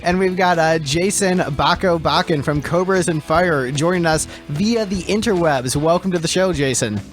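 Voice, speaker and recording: A man's voice: a little high, normal speed, faint music behind. A man hosting a casual podcast panel, joking, laughing often and stumbling over his words. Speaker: podcast host and band singer.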